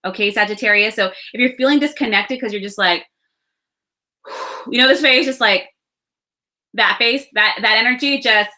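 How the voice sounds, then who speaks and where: Woman in her thirties, tarot reader, bright tone; chatty, reassuring delivery straight to camera. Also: on the high side, moderate pace, long pauses. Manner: chatty, reassuring, laughs and sighs between thoughts. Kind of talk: casual spiritual reading.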